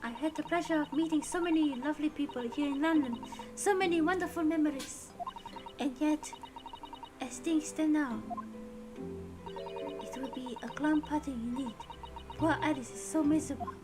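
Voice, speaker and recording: A woman reading game dialogue aloud as a polite, formal young Japanese woman, soft and measured. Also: sits high, music in the background, lightly acted. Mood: gently reproachful.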